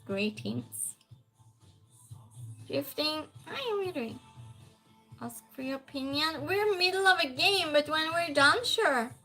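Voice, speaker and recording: A woman's voice: high voice, animated, slow, long pauses, sharp tone, soft background music. A woman hosting a live trivia stream, reading questions aloud and chatting with viewers.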